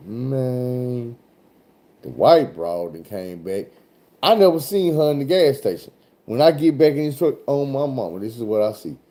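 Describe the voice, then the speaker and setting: A man from Arkansas, a truck driver telling a road story in a loose, animated, heavily profane way. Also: lowish voice. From Arkansas, USA. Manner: animated, profane, swears often.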